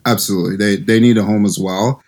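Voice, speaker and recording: A man's voice: fairly low pitch, fairly even intonation, fast talker, a little mellow. Easygoing male sports podcast co-host, casual. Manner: easygoing, laughs often.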